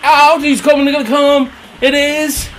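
A British man giving excitable, crude play-by-play of a mock wrestling battle, jumping between yelling and mumbling. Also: very high-pitched, measured pace, faint music behind. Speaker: comic wrestling commentator. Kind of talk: over-the-top play-by-play commentary.

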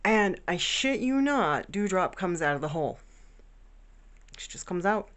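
A woman with a slightly low voice chats at home about her pets. She tells the story casually and rambles, fond and proud of them. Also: big pitch swings, measured pace, fairly bright tone. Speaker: vlogger. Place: home bedroom.

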